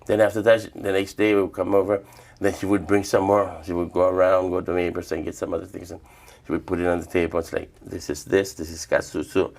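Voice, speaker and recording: A middle-aged man from the Northern Mariana Islands telling stories in an interview, relaxed, acting out the voices he quotes. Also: low voice, quick pace, gravelly. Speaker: humanities awardee, traditional healer. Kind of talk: interview storytelling.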